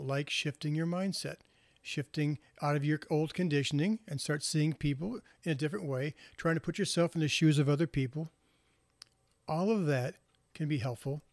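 A man giving a reflective talk, telling moral stories gently and unhurriedly, with pauses and small restarts. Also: fairly high pitch, no echo, studio quality. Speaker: speaker sharing moral stories.

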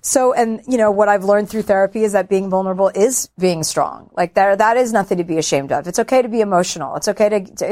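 A middle-aged woman, a comedian and former talk show host, talking bluntly and openly about her feelings in an interview, often poking fun at herself. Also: mid-range voice. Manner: blunt, self-deprecating, open about feelings. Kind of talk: candid interview conversation.

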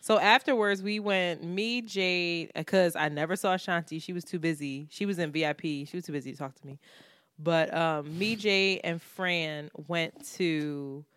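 A woman's voice: fairly low pitch, normal speed, a bit bright, smooth, dry recording, clean studio sound. A young woman from Philadelphia co-hosting a casual podcast chat, telling stories animatedly with frequent laughter and casual swearing. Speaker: podcast co-host. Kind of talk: casual chat between friends.

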